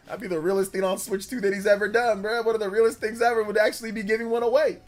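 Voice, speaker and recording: A man's voice: high voice, level tone, fast, soft background music. A man in his forties hosting a gaming livestream, chatting casually in a blunt, rambling way that repeats itself.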